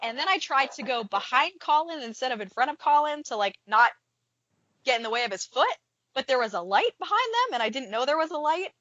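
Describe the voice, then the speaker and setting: High, lively woman on a dry, muffled mic. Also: brisk, no room sound. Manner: expressive, swears, self-mocking storytelling. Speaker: podcast co-host. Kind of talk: casual group chat.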